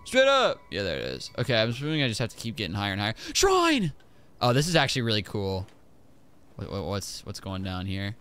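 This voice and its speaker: A man streaming a video game, giving excitable, joking commentary as he plays. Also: fairly low pitch, fast talker, noisy background. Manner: excitable, exclaims and jokes to himself. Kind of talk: live gameplay commentary.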